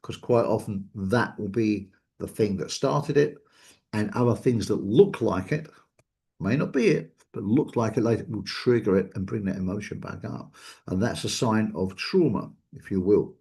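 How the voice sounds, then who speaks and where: A man's voice: on the low side, normal speed, creaky, darkish tone, slightly rough. A man hosting a casual talk show, asking reflective questions and thinking aloud. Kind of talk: casual discussion.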